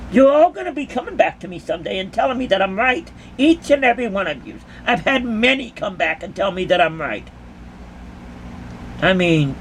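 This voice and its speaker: A woman's voice: mid-range voice, slight background noise. A woman who dances at concerts giving an impassioned, emphatic monologue to her critics, full of repeated rhetorical questions.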